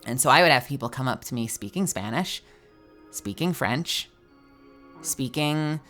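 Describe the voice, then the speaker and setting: A woman's voice: a bass voice, expressive, unhurried, fairly bright tone, soft background music. A woman streamer telling a story in casual chat, filling her talk with "like" and the odd swear word. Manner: chatty, with frequent "like" fillers and swearing.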